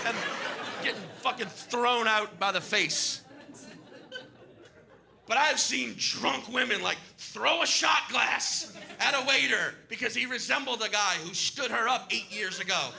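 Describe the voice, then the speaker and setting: A man doing a stand-up comedy set on a club stage, profane and animated, acting out characters. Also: high-pitched, measured pace, gravelly, crowd noise.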